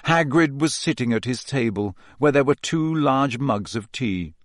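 A man narrating a storybook in an expressive, dramatic reading style. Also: medium pitch, unhurried, no room sound, clean studio sound. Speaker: audiobook reader.

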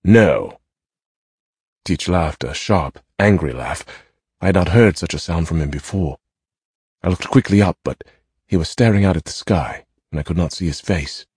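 A man narrating a novel in a measured, expressive storytelling manner. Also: sits low, breathy edge, dry recording, clean studio sound. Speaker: audiobook narrator. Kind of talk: scripted narration.

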